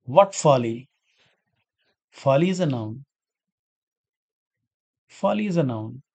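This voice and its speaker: A medium-pitched, husky, creaky voice with a dark tone belongs to an English grammar teacher who lectures slowly but animatedly. Working through example sentences step by step, he repeats key words and asks and answers his own questions.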